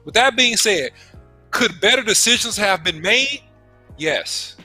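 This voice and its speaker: A man's voice: high-pitched, lively intonation, unhurried, pushed and bright, faint music behind. A man co-hosting a casual sports talk stream who stammers through restarts, repeats himself and explains with homespun analogies. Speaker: co-host and football analyst.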